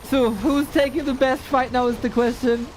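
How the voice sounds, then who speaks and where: Excitable woman esports caster. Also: sits high, moderate pace, a little hiss or hum. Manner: excitable, erupts into shouting at big plays. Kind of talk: live game commentary.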